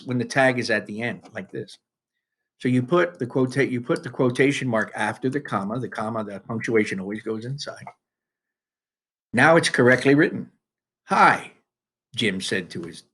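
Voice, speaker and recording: A man teaching students through a worksheet, talking casually with frequent restarts and lively emphasis. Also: mid-range voice. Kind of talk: recorded classroom lesson.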